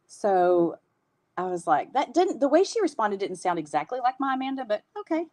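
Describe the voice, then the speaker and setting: A woman's voice: mid-range voice, big pitch swings, a little fast, a little mellow, dry recording. A woman in her fifties with a Southern US accent, hosting a casual livestream and chatting with viewers, laughing often. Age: 50s. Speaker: host.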